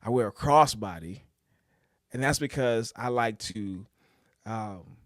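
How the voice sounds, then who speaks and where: A man's voice: lowish voice, slow pace, no echo, clean studio sound. A young American man co-hosting a fitness podcast, laid-back and joking in casual banter. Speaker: podcast co-host. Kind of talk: casual chat. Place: podcast studio.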